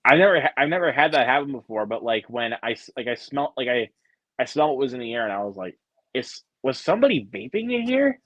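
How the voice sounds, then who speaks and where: A man's voice: medium pitch, quick pace, fairly bright tone, dry recording. A man co-hosting a casual chat, rambling hesitantly with many restarts and fillers. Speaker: podcast co-host. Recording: dry, dull sound.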